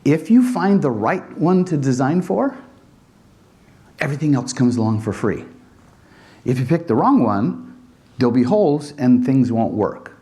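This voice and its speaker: A man giving a conference presentation as a Wi-Fi design instructor, animated and acting out exchanges with customers. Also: medium pitch, a little slow, long pauses. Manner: animated, acts out dialogues with customers.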